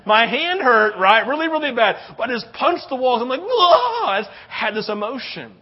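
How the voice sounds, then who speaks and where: A man's voice: very high-pitched, a little fast, slightly rough, dull audio. A man in his thirties preaching a sermon, telling a story animatedly and often asking "right?". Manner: animated storytelling, tag questions. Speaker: pastor.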